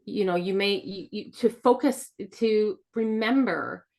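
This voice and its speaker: A woman's voice: medium pitch, a little slow, a little mellow. A woman speaking candidly in a casual, heartfelt podcast chat, rambling with many fillers. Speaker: podcast co-host sharing her experience.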